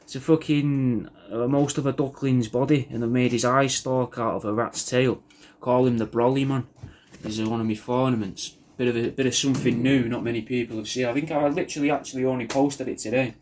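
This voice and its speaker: A man talks at a middling pitch with a faint hiss of noise behind him. He rambles through a personal video message, swearing freely and tripping over his own sentences. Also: fairly even intonation, a little fast, a little mellow. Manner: rambling, sweary, self-deprecating, with many restarts.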